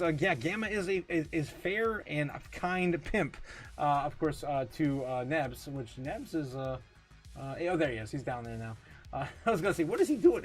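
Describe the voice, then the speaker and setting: Man, livestream host, casual chat, frequent laughter, slightly high voice, light music in the background. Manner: laughs often, excitable, drawn-out fillers. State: tipsy, recovering from a night of drinking. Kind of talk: casual livestream chat reading viewer comments.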